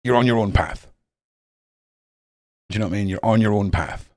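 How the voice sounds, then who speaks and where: A man's voice: on the low side, brisk, dry recording. Foul-mouthed Scottish man, dry close sound. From Scotland. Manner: heavy swearing, blunt and animated. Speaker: live-stream host reading chat. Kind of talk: casual rambling chat.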